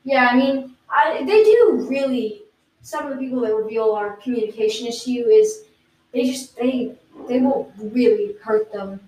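A woman's voice: fairly high pitch, normal speed, natural voice. A woman playing an unconvincing British guest. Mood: deadpan. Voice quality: plain American-sounding voice. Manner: rambling, deadpan nonsense. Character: self-proclaimed British guest, not convincing. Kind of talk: improvised comedy podcast. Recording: roomy, distant mic.

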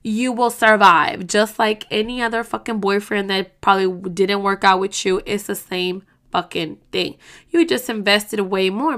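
Speaking at a normal speed with a medium pitch, fairly even intonation and a fairly bright tone, a woman hosts a podcast monologue in a casual way. She's blunt, emotional and heated, swears frequently, and rambles through restarts.

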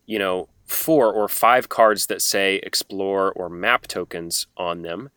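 A man with a lowish voice that has a bright, crisp edge talks through his points at length on a podcast. His tone is thoughtful and casual, recorded close and dry. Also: slow, dry recording. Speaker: guest. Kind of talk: casual explanation.

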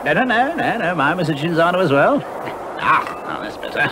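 A pompous, showy English gent. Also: male voice, fairly high pitch, big pitch swings, brisk, background noise. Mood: pompous, flustered. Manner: affected, showy, sprinkles foreign words. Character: suave, pompous middle-aged Englishman, fussy about drinks. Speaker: actor in a television advert. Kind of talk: 1980s TV advert comedy acting.

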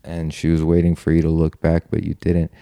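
A man's voice: extremely low pitch, monotone, fairly quick, gravelly, dark tone, no echo. A man telling a personal story in a loose, rambling way, full of "like" and "you know", with casual swearing. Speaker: guest telling his story.

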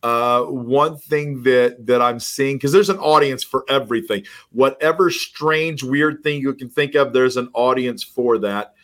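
A man speaking as a podcast guest who coaches real estate agents, telling stories with lively acted-out dialogue. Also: mid-range voice, unhurried, hardly any pauses. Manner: animated storyteller, acts out quoted dialogue. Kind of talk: casual podcast conversation.

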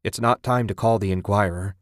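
Narrator doing a groggy grumpy husband in a spoken story, low gruff voice, dry close sound. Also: male voice, fairly quick, no echo, lightly acted. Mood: grumbling. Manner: gruff, grumbling, matter-of-fact. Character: groggy, dismissive adult husband.

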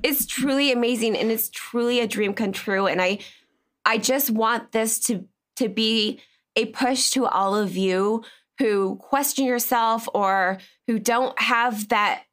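A woman's voice: fairly high pitch, a little slow, a bit bright. A woman co-hosting a casual chat, effusive and laughing, fighting back tears as she thanks her community. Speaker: community founder and co-host.

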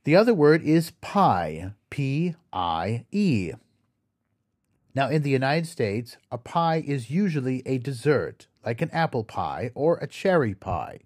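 Man explaining words slowly, lively pitch. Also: dry recording, clean studio sound. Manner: slow, careful explaining, spelling words out letter by letter. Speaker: podcast host. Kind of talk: scripted educational narration.

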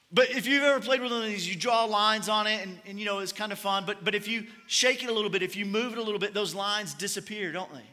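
This is a high, bright-voiced man from Kentucky, a pastor giving a sermon at a fairly brisk clip. A long hall reverb, as in a church auditorium, trails his relaxed, lightly humorous storytelling.

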